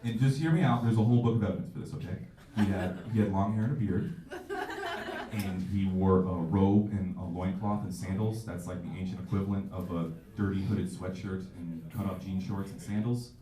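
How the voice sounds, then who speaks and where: A man's voice: low-pitched, steady tone, fairly quick, mellow. A man in his twenties doing a stand-up comedy set, with a loose, self-mocking delivery and bursts of acted-out voices. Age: 20s. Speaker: stand-up comic. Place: comedy club stage. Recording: echoey club audio from far off.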